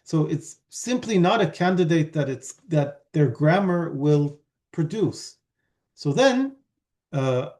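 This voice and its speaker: A man lecturing at an academic conference, with a fairly high but dark, mellow voice. He explains patiently, stopping often with fillers and restarting his sentences. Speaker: linguistics lecturer.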